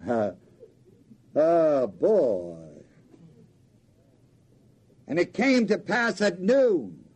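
A man's voice: a little high, huge pitch swings, drawn-out words, darkish tone, breathy edge. A man preaching a sermon in a folksy, joking way, often quizzing his congregation with questions.

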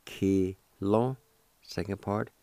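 A man with a very low voice teaches vocabulary at an unhurried pace, patiently spelling every letter and repeating each word. His tone is dark and mellow, and the recording is close and dry. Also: steady tone, dry recording. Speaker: radio host teaching the language. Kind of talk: slow spelled-out language lesson.

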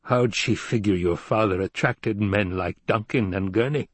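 A man voicing a shrewd, gruff older adviser who asks dry, probing questions with a wry edge. His husky voice is recorded close and dry. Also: on the low side, moderate pace, no room sound.

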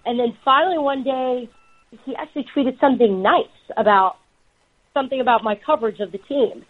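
A woman guest chatting casually on a podcast, laughing often and telling lively stories. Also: sits high, brisk, husky. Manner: laughing, animated storyteller. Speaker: podcast guest, football reporter. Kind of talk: casual chat. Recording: dull lo-fi sound.

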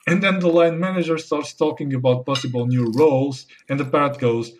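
A man's voice: on the high side, fairly quick, hardly any pauses. Chirpy man spouting office jargon. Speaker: sketch actor playing a corporate-speak husband. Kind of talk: comedy sketch acting.

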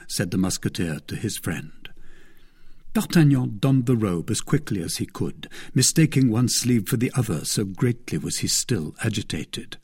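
Expressive husky male audiobook narrator. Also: on the low side, normal speed. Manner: expressive, dramatic reading. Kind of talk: scripted narration of a classic novel.

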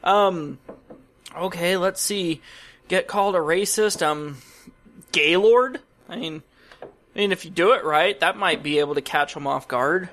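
A man's voice: high-pitched, measured pace, fairly bright tone. A man co-hosting a casual podcast chat, easygoing and a bit hesitant, throwing in dry jokes. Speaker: podcast co-host.

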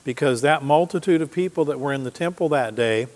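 A man's voice: fairly high pitch, brisk, darkish tone, in a large hall. A man preaching a sermon, reading scripture aloud with emphasis and asking the congregation questions. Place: church sanctuary.

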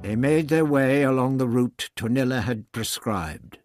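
A man narrating a novel aloud as an audiobook, in a measured, even storytelling manner. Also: mid-range voice, dry recording, studio quality, faint music behind. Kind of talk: scripted narration.

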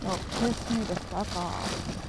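Woman, slow sarcastic rant, outdoors with traffic noise behind. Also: fairly low pitch, big pitch swings, creaky. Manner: sarcastic, swearing, rhetorical questions. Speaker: vlogger. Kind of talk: angry profane rant to camera.

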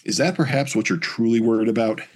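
A man reading aloud the lines of a calm, probing woman therapist, pitching his voice a little higher. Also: close to an everyday voice. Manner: measured, clinical questions.

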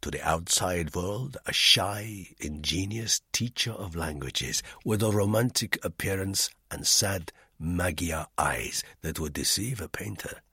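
A man's voice: deep voice, a little slow, hardly any pauses, slightly rough, no room sound, clean studio sound, exaggerated voice. A man reading the part of a cold, sardonic, menacing middle-aged spy in an audiobook, with an icy, contemptuous manner. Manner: icy and acid, softly contemptuous.

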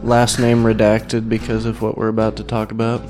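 A man's voice: on the low side, monotone, moderate pace, over music. A man co-hosting a casual comedy podcast, crude and joking, rambling through restarts. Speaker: podcast co-host.

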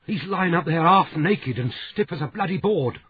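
A man doing a shrill, coarse-tongued woman. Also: animated, normal speed, phone-quality sound, slight background noise, lightly acted. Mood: horrified, blunt. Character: blunt, foul-mouthed woman, shocked and loud.

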